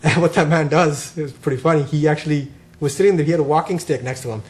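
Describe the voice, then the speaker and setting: Earnest guy, kinda high voice, chatting about god and telling a parable, keeps saying right. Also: fast talker. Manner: earnest, uses "right?" often. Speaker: speaker on spirituality. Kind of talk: casual spiritual talk with storytelling.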